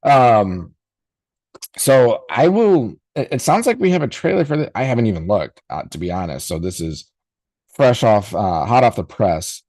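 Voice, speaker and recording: A man's voice: fairly low pitch, sing-song, normal speed, a little mellow, no room sound. A man in his forties hosting a live podcast reaction stream, talking casually and rambling with frequent fillers. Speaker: podcast host.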